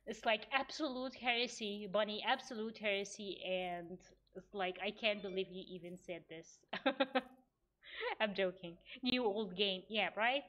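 Playful woman streamer, slow drawl. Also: mid-range voice, a bit bright. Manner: playful, mock-outraged, talks to herself while playing. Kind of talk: casual gaming stream chat.

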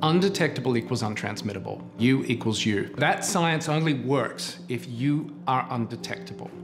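Man in his forties, earnest interview testimony, mid pitch, music bed behind. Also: normal speed. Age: 40s. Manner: candid, earnest storytelling. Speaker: producer and HIV advocate.

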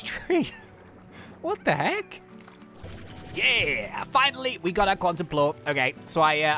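Lively, excitable gameplay commentator. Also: medium pitch. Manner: excitable, chatty, laughs often. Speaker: let's-play host.

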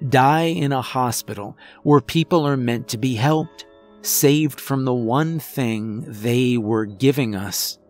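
A man narrating a scripted first-person horror story in a measured, tense way. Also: medium pitch, faint music behind.

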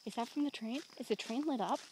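A woman's voice: fairly high pitch, quick pace, darkish tone, a little hiss or hum. A young woman chatting casually and joking while walking outdoors at night, recorded on a handheld phone. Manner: joking, laughs often. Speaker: vlogger. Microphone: handheld phone camera.

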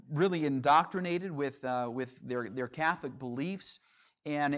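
Man preaching verse by verse. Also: on the high side. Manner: reads scripture aloud, explains verse by verse. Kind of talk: Bible teaching sermon. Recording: dull lo-fi sound.

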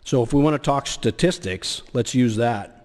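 A man's voice: mid-range voice, a little mellow. Guy senator giving a floor speech, lots of uhs and restarts, long echo off the chamber. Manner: halting, many fillers and restarts. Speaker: state senator. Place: legislative chamber. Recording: long hall reverb.

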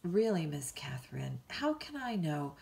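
A woman's voice: deep voice, very animated, a little slow, creaky, darkish tone, exaggerated voice. A woman reading a bedtime story, voicing a blunt middle-aged housekeeper who answers in a dry, scolding way. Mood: tart.

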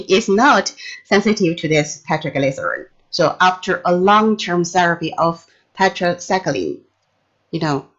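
Slow, halting woman lecturing. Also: lowish voice, lo-fi sound. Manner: halting, many restarts and fillers, non-native phrasing. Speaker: pharmacology lecturer. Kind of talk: recorded lecture.

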